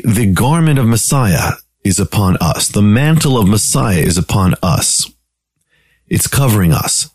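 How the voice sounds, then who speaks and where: A man's voice: medium pitch, darkish tone, breathy edge, dry recording. A man preaching a radio sermon, emphatic, piling up repeated phrases with rising urgency.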